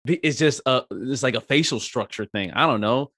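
A man telling a story as a podcast co-host, animated and rambling with lots of fillers and swearing. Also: medium pitch, moderate pace, no room sound, clean studio sound. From Eritrea. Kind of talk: casual storytelling chat.

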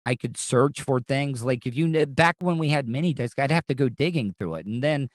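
A man's voice: mid-range voice, lively intonation, brisk. A man hosting his podcast in casual chat, talking in a rambling way with lots of restarts and swearing. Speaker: podcast host.

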